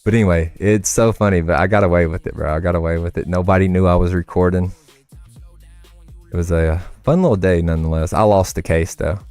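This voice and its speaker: A man's voice: low-pitched, a little fast, a little mellow, clean tone, faint music behind. A young man chatting casually and rambling on a livestream, swearing and calling listeners "bro.". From United States. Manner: rambling, profane, says "bro" a lot. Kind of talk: casual chat while gaming.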